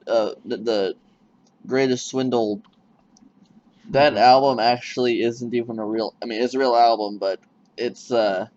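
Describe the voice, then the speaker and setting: A man's voice: medium pitch, a little slow, long pauses. A man interviewing a musician in a casual chat, telling stories and acting out what people said. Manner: animated storyteller, acts out quotes. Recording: muffled lo-fi with faint noise.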